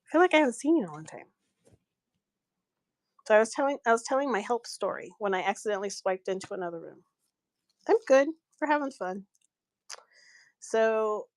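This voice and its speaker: A woman's voice: on the high side, dry recording. A middle-aged woman chatting on a craft live stream, telling stories and laughing often while she works.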